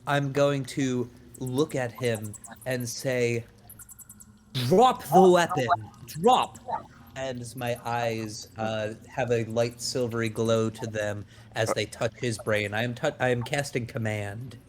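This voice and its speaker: A man's voice: mid-range voice, little pitch movement, slow pace, few pauses, a little hiss or hum. A man playing in a tabletop game, chatting in an easygoing conversational way. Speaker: player. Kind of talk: casual tabletop game chat.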